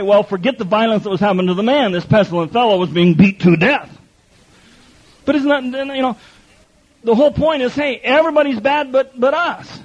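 A man preaching a sermon in a lively, joking way, reading scripture aloud and acting out the speakers. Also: very high-pitched, a little fast, muffled recording. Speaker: pastor.

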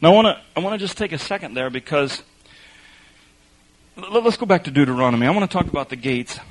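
A man preaching a sermon, telling a lively story with laughs and then reading scripture slowly and quietly. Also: fairly high pitch, poor audio.

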